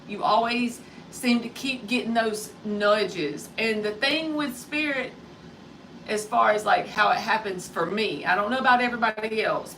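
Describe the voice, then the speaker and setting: A woman's voice: fairly high pitch, a bit bright, distant mic, slight background noise, poor audio. A woman in her thirties giving a live-stream tarot reading, chatting casually and greeting viewers by name. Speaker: tarot reader.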